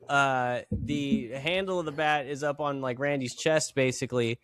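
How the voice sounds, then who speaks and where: A man's voice: mid-range voice, unhurried, hardly any pauses, a bit bright, clear, resonant tone, no echo, clean studio sound. Rambling man cracking crude jokes. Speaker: podcast co-host. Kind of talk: casual wrestling chat.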